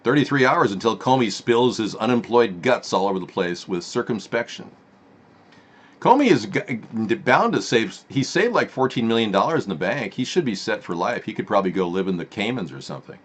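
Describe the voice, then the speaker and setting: Guy rambling sarcastically on his live political stream, kinda low voice. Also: expressive, fairly quick, husky. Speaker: host.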